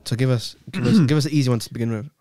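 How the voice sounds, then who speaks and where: A man's voice: medium pitch, warm tone. A young man co-hosting a podcast, joking around, laughing often and trying out silly accents in casual banter. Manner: laughs a lot, quick and playful. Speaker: podcast co-host.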